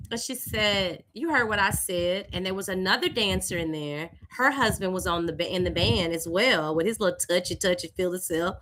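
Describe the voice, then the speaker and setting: Bright-voiced Louisiana woman telling a story. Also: medium pitch, a little hiss or hum. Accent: Southern US, Louisiana. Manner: animated, conversational, with lively voiced greetings. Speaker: host. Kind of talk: live-stream storytelling.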